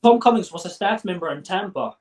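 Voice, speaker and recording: A former member in a casual interview talks in a high, expressive voice that's brisk and a little mellow. He's blunt and candid, repeatedly restarting his sentences and swearing freely. He sounds distant from the mic.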